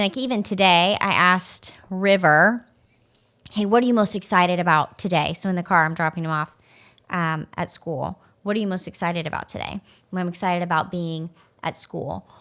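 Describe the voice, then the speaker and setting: A woman in her thirties co-hosting a church podcast, telling stories and acting out chats with her child. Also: lowish voice. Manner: warm, storytelling, acts out conversations with her child. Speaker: podcast co-host. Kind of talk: casual podcast talk.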